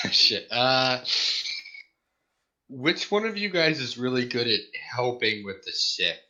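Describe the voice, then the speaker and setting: A young man playing a tabletop game, excitable and quick to laugh. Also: medium pitch, low-quality recording. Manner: lively, laughs often, excitable. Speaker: player. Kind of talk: casual tabletop banter.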